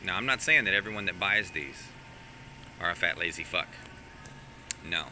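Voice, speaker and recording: Walking shop aisles indoors, a man live-streams his shopping trip in a low, pushed, bright voice with lively intonation and a moderate pace. His talk is casual, rambling, jokey and full of swearing, with loud store noise behind him.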